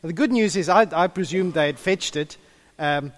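A pastor preaches a sermon in a fairly high voice at a moderate pace. He tells stories in an animated way and chats with the congregation.

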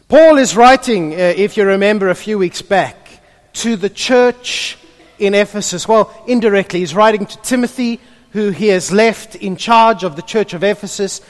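A man in the role of pastor, praying softly and then preaching with emphasis. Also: sits high, unhurried. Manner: hushed in prayer, then lively and emphatic preaching. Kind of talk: prayer and sermon. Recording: long reverb of a large hall.

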